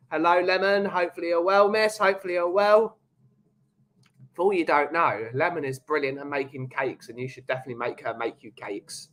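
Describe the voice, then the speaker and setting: A man's voice: on the high side, fairly bright tone, rough recording. A man who runs a small coffee company, chatting casually on a livestream and greeting viewers in the chat by name. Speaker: coffee shop owner and livestream host.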